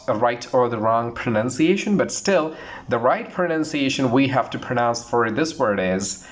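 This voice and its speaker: Earnest man teaching pronunciation. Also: mid-range voice. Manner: earnest, repetitive, slows down to model words. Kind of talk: online pronunciation lesson.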